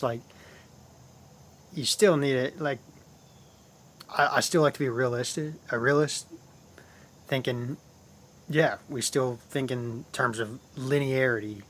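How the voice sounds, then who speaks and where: A man with a mid-range, slightly bright voice runs his own channel, where he rambles casually about spiritual topics, repeats himself, and keeps calling the audience guys.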